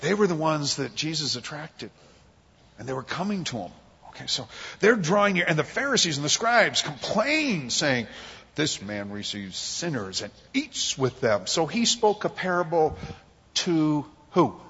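A man's voice: on the high side, unhurried, slightly rough, in a large hall, dull audio. A man preaching a conversational sermon, acting out quotes and jokes from his family life. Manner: animated, conversational, acts out quotes. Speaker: pastor. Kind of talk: expository sermon.

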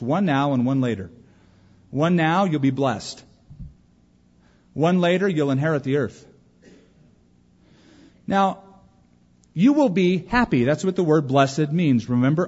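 Speaking at a moderate pace in a slightly rough, somewhat high voice, a man preaches a sermon and animates his stories by acting out the quoted voices. Long hall reverb echoes through the dull recording.

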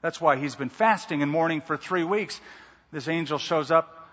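Husky-voiced preacher in a reverberant hall. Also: male voice, on the high side, moderate pace. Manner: lively, conversational asides between scripture readings. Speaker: pastor. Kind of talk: expository sermon. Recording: dull lo-fi sound with long hall reverb.

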